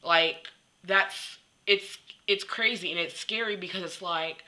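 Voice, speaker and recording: A woman's voice: on the low side, measured pace, bright, forceful tone, low-quality recording. A young woman talking candidly to the camera in a personal vlog, rambling with lots of "like" and restarts. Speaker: vlogger.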